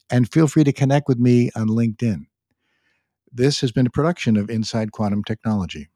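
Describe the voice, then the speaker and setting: A man hosting a podcast, thanking his guest and wrapping up the episode in a friendly, brisk way. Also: mid-range voice, warm tone, no room sound, studio quality. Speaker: podcast host. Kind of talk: podcast host outro.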